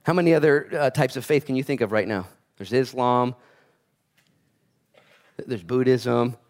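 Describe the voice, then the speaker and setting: A man preaching a casual, conversational sermon, animated and joking as he acts out the voices of people in his stories. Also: mid-range voice, measured pace. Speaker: pastor.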